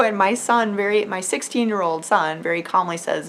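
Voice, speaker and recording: A woman's voice: medium pitch, moderate pace, few pauses, a bit bright. A middle-aged woman talking to camera in a chatty, earnest way, with many fillers and quoted voices. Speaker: homeschool mom vlogger. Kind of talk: casual talk to camera.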